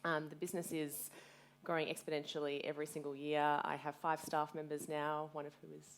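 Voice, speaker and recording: A woman's voice: low-pitched, little pitch movement, a little fast. A woman in her thirties, a guest speaker telling her story frankly and with energy at a live community event, swearing freely and quoting herself. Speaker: guest speaker, fitness business owner.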